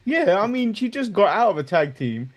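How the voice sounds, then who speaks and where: A man's voice: sits high, big pitch swings, moderate pace. A man co-hosting a casual wrestling review chat, rambling and joking, chuckling at his own remarks. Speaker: co-host.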